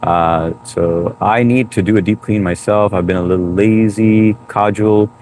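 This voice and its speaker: A man's voice: on the low side, steady tone, unhurried, a little mellow, a little hiss or hum. A man hosting a casual live stream, joking around and greeting viewers by name as he reads their comments. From United States. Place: home room, New York.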